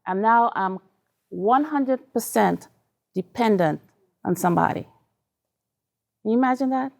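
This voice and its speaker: A woman from Trinidad and Tobago giving an earnest, emotional personal testimony, halting and restarting as she tells her story. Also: a little high, lively intonation, creaky. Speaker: speaker sharing her story.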